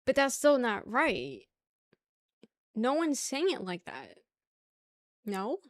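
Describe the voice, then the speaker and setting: A woman's voice: a little high, very animated, takes it slowly, no room sound. A woman chatting casually with her live-stream chat, laughing often and arguing playfully. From New York.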